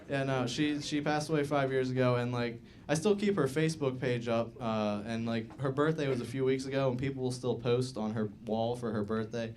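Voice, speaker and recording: A man's voice: medium pitch, normal speed, a little mellow. A man in his twenties performing a stand-up set at a comedy club, rambling and laid-back with lots of "uh" and "like". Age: 20s. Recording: live club recording with audible audience laughter. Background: audience laughter.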